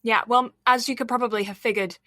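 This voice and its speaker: Chatty podcast co-host, woman, slight lisp, high and bright, dry close sound. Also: fairly even intonation, quick pace, no room sound. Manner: chatty, laughs often, rambling. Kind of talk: casual chat.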